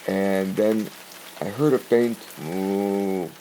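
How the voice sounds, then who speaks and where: A man's voice: deep voice, steady tone, very slow, mellow, a little hiss or hum. A man from New England telling a true personal story in a chatty, rambling way and laughing along as he goes. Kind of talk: casual spoken anecdote.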